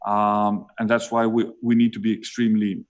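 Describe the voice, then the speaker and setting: Greek accented guy on a video call, lowish voice, slow careful answers with lots of uhs. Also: little pitch movement. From Greece. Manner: deliberate, many pauses and filler sounds. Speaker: prime minister being interviewed. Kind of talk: measured interview answers.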